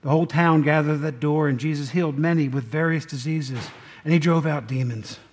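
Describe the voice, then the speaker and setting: Man preaching, fifties, slightly high voice, folksy, asks the room questions. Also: steady tone, brisk. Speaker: pastor. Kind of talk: sermon.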